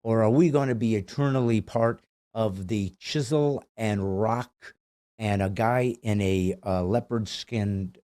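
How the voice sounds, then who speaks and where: Low, dark-voiced wry male podcast host. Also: measured pace, no room sound, clean studio sound. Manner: rambling, wry, self-mocking riffs. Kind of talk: casual chat. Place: podcast studio.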